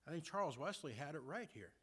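A man preaching a sermon who asks his listeners rhetorical questions and reads scripture slowly and deliberately. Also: on the high side, very animated, a bit bright, breathy edge.

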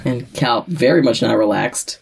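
A woman's voice: extremely low pitch, animated, moderate pace, vocal fry, darkish tone, breathy edge. A woman co-hosting a casual recap chat, chiming in with quips and laughs. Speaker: podcast co-host.

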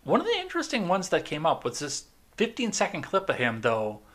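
Man, podcast host; bright, edgy tone; sarcastic, loose commentary. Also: fairly high pitch, huge pitch swings, fairly quick. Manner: sarcastic, rambling with fillers. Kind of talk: casual political commentary.

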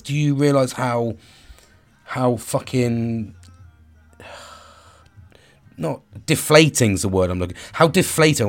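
A man in his forties speaking frankly about his own struggles, swearing freely, restarting sentences and searching for words. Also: medium pitch. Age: 40s. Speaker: vlogger. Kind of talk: candid personal monologue.

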